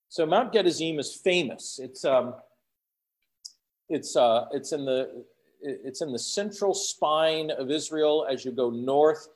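Animated male preacher, booming scripture quotes. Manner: animated, booming when quoting scripture, chatty asides. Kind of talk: sermon.

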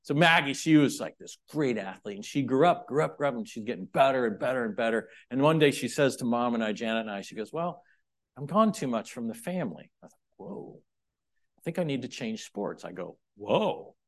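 A middle-aged man preaching a sermon, moving between loud, emphatic points and quiet, chatty asides to the congregation. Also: medium pitch, expressive, fast. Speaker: pastor.

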